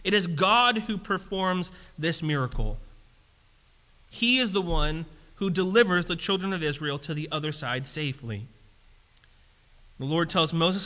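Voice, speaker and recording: A man preaching a sermon in a casual, conversational way that turns animated and emphatic. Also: fairly high pitch, measured pace. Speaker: pastor. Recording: reverberant hall.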